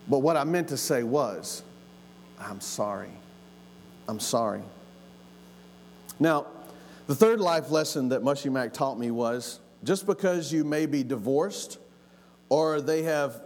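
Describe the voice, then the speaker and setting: A man's voice: medium pitch, a little mellow. Middle-aged man, sermon storyteller, folksy and earnest, repeats for emphasis; long hall reverb, faint room hiss.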